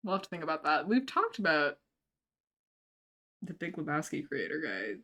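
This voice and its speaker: A woman's voice: sits low, sing-song, moderate pace, creaky, fairly bright tone. A woman co-hosting a live stream, chatting casually in a giggly, teasing way. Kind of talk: casual chat.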